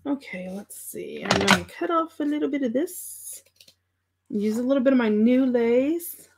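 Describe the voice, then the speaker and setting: A woman's voice: a little high, lively intonation, normal speed, gravelly, slight background noise. A middle-aged woman hosting a crafting livestream, thinking aloud as she works and chatting with viewers about their comments. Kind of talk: casual craft demonstration chat.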